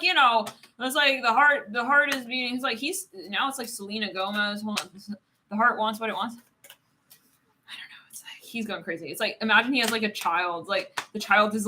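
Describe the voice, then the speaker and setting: A woman's voice: a little high, noisy background. Giggly rambling woman reading tarot. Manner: rambling, giggly, says "it's like" constantly. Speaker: tarot reader. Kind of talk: live tarot reading, casual chat.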